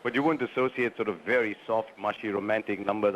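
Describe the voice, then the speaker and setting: A man with an Indian accent talks quickly and teasingly over a phone link. He laughs often as he trades stories. The line sounds dull, with faint noise behind. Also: fairly low pitch, steady tone. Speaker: guest commentator on the phone line. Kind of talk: casual chat on a phone link.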